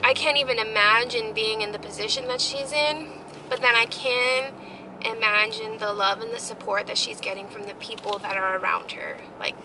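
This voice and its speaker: A woman's voice: fairly high pitch, moderate pace, background noise. A young woman telling a heartfelt story in a casual family vlog, rambling with many fillers. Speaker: family vlogger.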